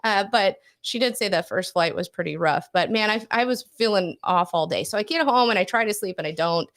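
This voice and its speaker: Animated woman telling a story. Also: medium pitch. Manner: animated, breathless storytelling with quick asides. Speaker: podcast co-host. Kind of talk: casual storytelling chat.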